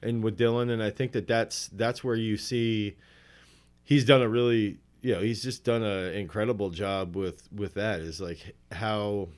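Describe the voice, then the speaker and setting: A man who coaches throwers, talking in a rambling, animated way in a relaxed podcast interview. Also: lowish voice, a little slow.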